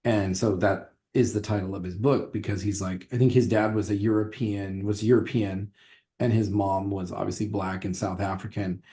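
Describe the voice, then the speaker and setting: A man with a lowish, mellow, relaxed voice talks casually on a podcast. He is a history teacher, and he rambles through his thoughts with restarts and a lot of fillers. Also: normal speed.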